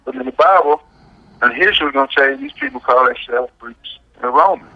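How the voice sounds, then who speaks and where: A man's voice: a little high, very animated, a little fast, creaky, muffled recording. A man speaking, giving a casual radio talk as a guest and pressing his points with a frequent "right?". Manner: emphatic, asks "right?" often.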